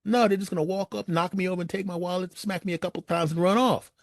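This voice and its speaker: A man hosting his own show, telling funny stories from his life in an animated way and acting out his friends' voices. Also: quick pace, no room sound, clean studio sound. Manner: animated, acts out friends' voices with big pitch jumps. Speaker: podcast host. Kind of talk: humorous storytelling monologue.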